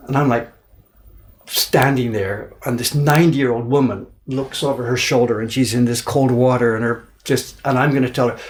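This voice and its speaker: A middle-aged man casually telling an animated story on a livestream, repeating words for emphasis and acting out the people he quotes. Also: medium pitch, normal speed, vocal fry, slight background noise. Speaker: printmaker and livestream host. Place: indoor workshop.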